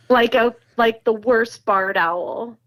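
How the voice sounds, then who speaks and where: A New York woman, a guest recounting her encounters, tells her story in a chatty, casual way, laughing often and full of fillers and restarts. Her voice is fairly bright and on the high side, and the recording is dry and of poor quality.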